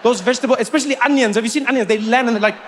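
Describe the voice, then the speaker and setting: A man from South Africa with a South African accent doing a stand-up comedy routine, animated storytelling that talks to the crowd. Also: very high-pitched, racing, background noise.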